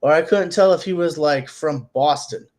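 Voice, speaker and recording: A man's voice: a little high, moderate pace, darkish tone. A man co-hosting a podcast, joking around in casual chat. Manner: joking, goofy. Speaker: podcast co-host.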